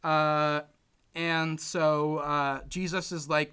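A man's voice: fairly high pitch, fairly even intonation, moderate pace, sharp tone, clear, resonant tone. A young man casually recapping a film plot, rambling with lots of "like" and "you know" and acting out the characters' lines. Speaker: podcast co-host recapping a film. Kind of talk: casual chat.

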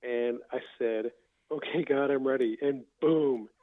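A man hosting a casual faith conversation, calmly recounting testimonies he has heard. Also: medium pitch, measured pace, no room sound. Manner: relaxed storyteller, recounts others' testimonies. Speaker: podcast host. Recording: tinny phone-like line.

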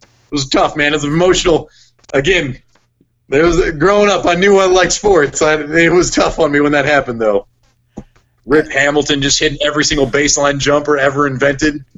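A young man talking in casual podcast chat, lively and full of "like"s as he tells stories. His voice sits fairly high. The recording is dull and lo-fi. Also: normal speed. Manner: animated storyteller, heavy use of "like". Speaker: podcast guest, sports broadcaster.

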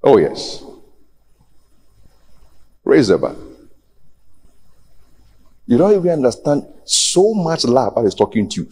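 Pastor preaching in a reverberant church. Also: male voice, fairly low pitch, lively intonation, normal speed, long pauses, dark tone. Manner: challenging, pleading, rising to emphatic peaks. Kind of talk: sermon. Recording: long hall reverb.

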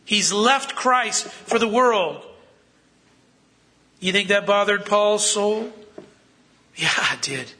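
Male preacher, chatty sermon full of rhetorical questions, husky and sharp-toned. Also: high-pitched, lively intonation, takes it slowly, pauses often.

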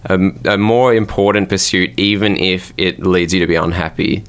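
A man's voice: low voice, fairly even intonation, normal speed. A young man in a casual debate, thinking aloud in a rambling way with lots of fillers.

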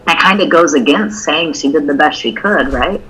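A woman's voice: sits low, lively intonation, normal speed, fairly bright tone, slight background noise, rough recording. A woman co-hosting a podcast, telling a personal story in a candid, open way during a casual conversation. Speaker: podcast co-host.

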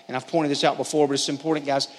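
A man's voice: a little high, flat delivery, rapid-fire. A man teaching through a Bible passage in an earnest, conversational way, often calling his listeners "guys". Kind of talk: sermon-style Bible teaching. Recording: echoey hall, faint noise.

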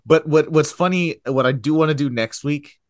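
A man's voice: fairly high pitch, dry recording. Chatty male podcast co-host, dry sound. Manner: chatty, thinks aloud, quick bursts of excitement. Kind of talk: casual chat.

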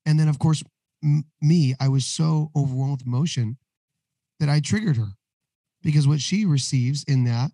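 A man speaks with a hoarse, worn voice, the mellow tone roughened from recent strain. He tells his story candidly and plainly, as a guest on a podcast. The sound is dry and close. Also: on the high side, normal speed, dry recording, poor audio. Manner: candid, storytelling, acts out dialogue. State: hoarse, voice recovering after losing it. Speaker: guest, recovery ministry co-founder. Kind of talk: casual podcast interview.

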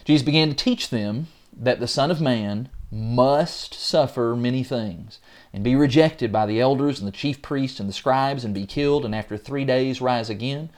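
Guy co-hosting a bible study chat, gets animated, acts out the disciples, mid pitch. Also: normal speed. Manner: animated, acts out biblical figures with rising pitch. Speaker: Bible study podcast co-host. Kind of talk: casual Bible discussion.

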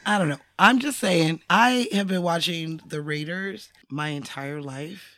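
A woman's voice: on the low side, unhurried, a bit bright, dry recording. A woman co-hosting a casual podcast chat, swearing freely and laughing often. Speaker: podcast co-host.

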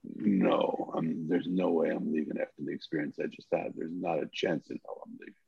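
Gravelly low-voiced older man telling stories. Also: normal speed, no room sound. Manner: animated storyteller who acts out the dialogue. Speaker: guest. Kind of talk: storytelling in a podcast interview. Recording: slightly muffled recording.

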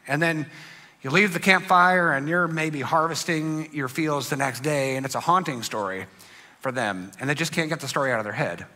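A man preaching a sermon, telling a story dramatically and swinging between loud bursts and hushed lines. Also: a little high. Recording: long hall reverb with faint music.

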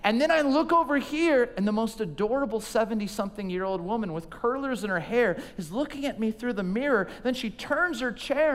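A man in his forties preaching a sermon in an animated, humorous storytelling way. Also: extremely high pitch, brisk, few pauses, in a large hall. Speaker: pastor.

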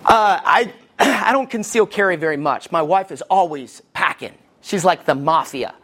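Folksy preaching pastor, swinging pitch. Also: male voice, animated, normal speed, a bit bright. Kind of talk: sermon.

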